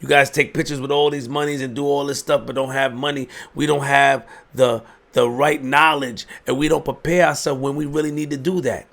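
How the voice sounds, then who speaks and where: A man's voice: mid-range voice, fairly even intonation, fairly quick, gravelly, hardly any pauses, a bit bright. A man delivering an emphatic opinion monologue, preaching and firing rhetorical questions. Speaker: commentary host.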